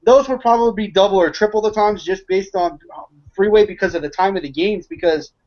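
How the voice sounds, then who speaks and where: A man's voice: sits high, brisk, darkish tone, muffled recording. A man on a sports panel call who gives blunt, joking opinions. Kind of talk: casual panel talk over a call.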